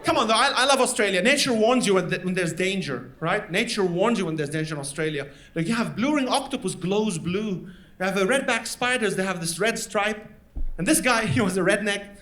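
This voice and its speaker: High-voiced comedian on stage. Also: male voice, slight background noise. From Lebanon. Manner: lively, animated storytelling with punchline pauses. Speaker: stand-up comedian. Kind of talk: stand-up comedy set. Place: live comedy venue with an audience. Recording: live stage recording, loud audience laughter.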